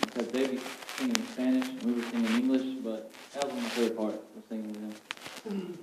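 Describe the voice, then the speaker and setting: A man's voice: mid-range voice, fast. A man adding casual, amused comments to a mission trip story. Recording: distant, echoey, with clicking noise.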